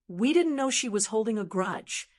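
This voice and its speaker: A woman's voice: a little high, animated, moderate pace, darkish tone, lightly acted. A woman voicing a flustered older mother-in-law who cries out and pleads. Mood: pleading. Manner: crying out, pleading.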